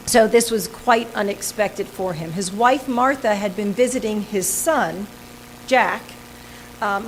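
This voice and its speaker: A woman's voice: medium pitch, a little hiss or hum, rough recording. A woman presenting a local history talk with slides, chatty and hesitant, with frequent ums and restarts. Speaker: organization president giving a history talk.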